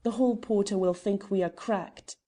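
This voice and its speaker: A woman reading a brisk, impatient young Englishwoman in an audiobook. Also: mid-range voice, fairly even intonation, dark tone, close to an everyday voice. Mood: urgent. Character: young Englishwoman, spirited and breathless.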